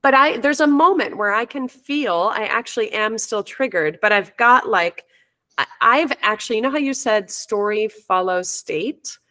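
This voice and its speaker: A woman's voice: fairly high pitch, expressive, normal speed, sharp tone. A woman who teaches and coaches parents, talking openly and reflectively in a casual conversation, often restarting her sentences as she thinks. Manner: open, reflective, storytelling with many restarts.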